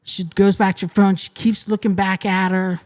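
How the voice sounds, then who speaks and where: A woman guest on a podcast retelling an experience in an animated, casual way, often restarting her sentences. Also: mid-range voice, normal speed. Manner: animated retelling, frequent restarts and "you know". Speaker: interview guest, restaurant co-manager. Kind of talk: casual storytelling.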